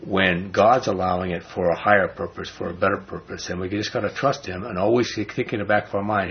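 A man leading a Bible study, reading scripture slowly and then explaining it in loose, casual talk with a husky voice. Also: fairly low pitch. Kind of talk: informal Bible study teaching. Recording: dull lo-fi recording.

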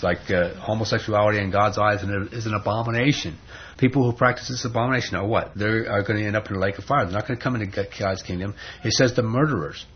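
A man with a husky, breathy voice preaches a sermon, emphatic and conversational, throwing rhetorical questions at his listeners. The recording sounds dull and lo-fi. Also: fairly low pitch.

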